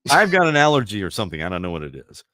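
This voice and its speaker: A man's voice: lowish voice, big pitch swings, very fast, pushed and bright, dry recording, studio quality. A man in his fifties hosting a radio show, chatting casually and telling rambling stories with easy laughs. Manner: rambling storyteller, laughs easily, self-deprecating. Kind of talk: casual chat.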